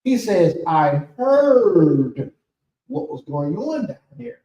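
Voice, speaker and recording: A man giving a sermon as spiritual leader of a congregation, preacherly and rising to shouts. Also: sits high, big pitch swings, slow. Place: temple hall. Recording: echoey room from far off.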